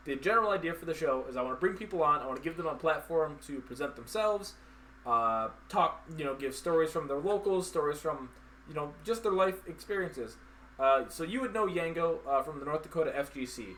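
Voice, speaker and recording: A man's voice: a little high, expressive, a little fast, bright, forceful tone, slight background noise. A man hosting a casual live-stream interview, talking in a loose, rambling way with lots of fillers. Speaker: host.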